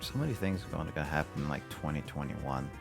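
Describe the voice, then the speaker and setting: A man's voice: a bass voice, lively intonation, fast talker, vocal fry, faint music behind. A young man streaming a game, chatting casually, laughing often and musing aloud about the game. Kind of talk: casual chat while gaming.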